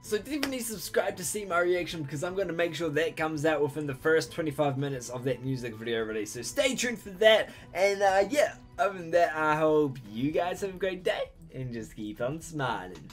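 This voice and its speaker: An excitable man talks through a reaction video, his voice sitting a little high and leaping up and down as he exclaims and laughs. Faint music plays behind him. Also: brisk, hardly any pauses. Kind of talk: casual reaction commentary.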